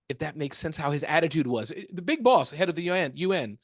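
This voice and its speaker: A man talking as a guest in a casual interview, animated and acting out little quotes as he tells stories. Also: fairly high pitch, quick pace, few pauses, no echo, studio quality. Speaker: guest, small business speaker.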